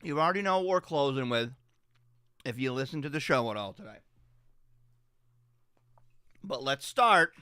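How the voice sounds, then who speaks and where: A man's voice: medium pitch, expressive, normal speed, long pauses, pushed and bright, clear, resonant tone, no echo, studio quality. A man hosting a radio show, talking in a loose, profane, rambling and jokey way. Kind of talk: casual chat on a morning radio show. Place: radio studio.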